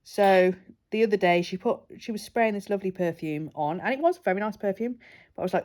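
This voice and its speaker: A woman's voice: mid-range voice, fast, a little mellow. A woman from the UK chatting and laughing with a client while doing her nails. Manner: chatty, giggly, puts on silly voices in stories. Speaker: nail artist. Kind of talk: casual chat while working.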